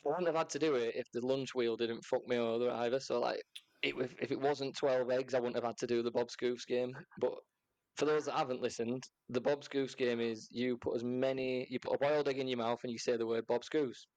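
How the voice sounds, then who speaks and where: A man's voice: medium pitch, fairly even intonation, a little fast, darkish tone, no room sound, dull audio. A hungover man co-hosting a podcast, swearing and bantering as he talks. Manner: banter-heavy, swears, laughs. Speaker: podcast co-host. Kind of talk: casual chat.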